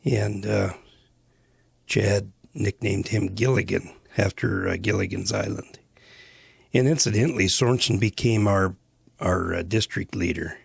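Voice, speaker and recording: A man in his sixties from the Western United States, telling old stories in an unhurried, rambling way full of pauses. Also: fairly low pitch, big pitch swings, gravelly, breathy edge, no echo, clean studio sound. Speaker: storyteller recalling mission days. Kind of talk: casual spoken reminiscence.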